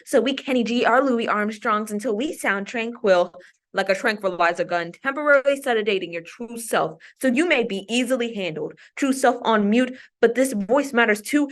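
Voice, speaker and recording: A woman from Maryland performing spoken-word poetry recitations as an invited guest, with a deliberate, emphatic delivery. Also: on the high side.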